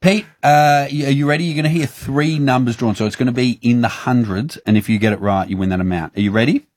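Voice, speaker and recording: A man's voice: mid-range voice, fast talker, a little mellow, dry recording, studio quality. An Australian man hosting a radio game segment, upbeat and teasing with callers in playful banter. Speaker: radio host. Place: radio studio. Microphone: studio mic.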